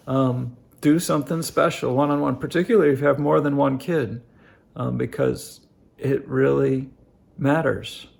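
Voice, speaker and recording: A middle-aged man talking straight to his viewers in a casual, reflective monologue, halting and full of fillers. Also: mid-range voice, vocal fry, a little mellow. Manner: halting, many fillers and restarts; earnest, addresses viewers directly. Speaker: family life vlogger.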